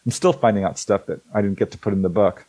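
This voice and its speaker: A middle-aged man telling stories in a casual, animated way, acting out the people he quotes and laughing often. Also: fairly low pitch, fast, breathy edge, no echo, rough recording. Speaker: host, author on alien abduction cases. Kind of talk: casual storytelling talk.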